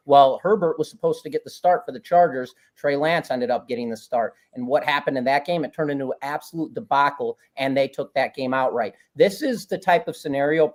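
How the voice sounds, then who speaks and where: A man's voice: mid-range voice, darkish tone. A man talking at length as a guest handicapper, breaking down games confidently in a casual chat. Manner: talkative, confident, rambling. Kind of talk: casual sports betting analysis.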